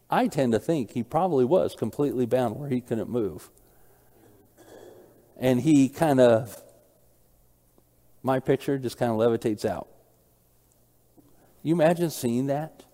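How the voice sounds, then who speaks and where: A man's voice: mid-range voice, unhurried, pauses often, dark tone, long reverb tail. A man preaching an expository sermon, walking through scripture and asking the listeners rhetorical questions. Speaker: pastor.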